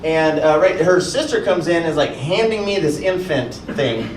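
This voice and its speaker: A man performing a stand-up comedy set, telling stories with lots of animation and acting out other people in high voices. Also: lively intonation, normal speed. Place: comedy club stage with audience. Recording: echoey club, far-off mic, audience noise.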